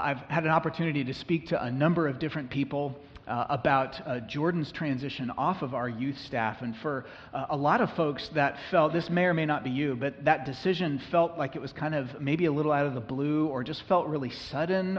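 A man speaks as a pastor to a small gathering in a church room, at an everyday middle pitch. His talk is loose and conversational, full of fillers. The sound is muffled and lo-fi, with a long echo from the hall. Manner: relaxed, conversational, with frequent fillers. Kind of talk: church meeting address and prayer. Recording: dull live-stream recording in a reverberant hall.

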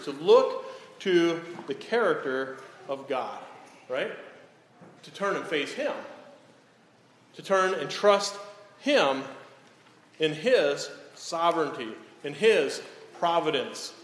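A man preaching a sermon in a church hall, asking rhetorical questions and dropping to a hush on solemn lines. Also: on the high side, slight background noise. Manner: rhetorical, often tags lines with "right?". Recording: echoey hall, faint ambience.

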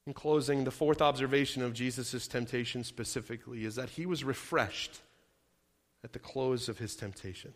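A man's voice: medium pitch, normal speed. A man preaching a sermon as pastor, stacking repeated phrases with strong emphasis. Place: church sanctuary. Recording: long hall reverb.

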